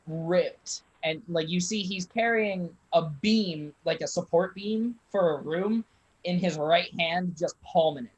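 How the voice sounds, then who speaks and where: Casual game master narrating. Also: male voice, high-pitched, dull audio. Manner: halting, casual narration with fillers.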